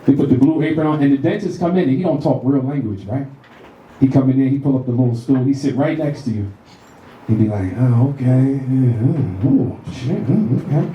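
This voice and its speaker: A man in his thirties doing a profane, animated stand-up set in a comedy club, acting out voices as he tells stories. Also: medium pitch, quick pace, lo-fi sound, slight background noise. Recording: roomy club sound from a distant mic.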